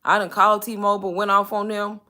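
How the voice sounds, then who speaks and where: A young woman hosting a live stream, telling stories in an animated, chatty way. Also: medium pitch, fairly quick. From Texas. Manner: animated storytelling with laughs. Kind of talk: casual chat.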